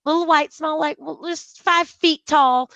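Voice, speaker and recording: A woman as a podcast guest, speaking in casual conversation, animated and storytelling, mimicking the voices of people she talks about. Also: sits high, a little slow, no echo, highs cut off.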